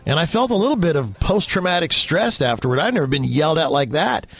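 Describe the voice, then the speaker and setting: Lively middle-aged radio host. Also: male voice, a little high, fast, husky. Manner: chatty, reads sponsor spots. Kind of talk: radio interview and sponsor reads.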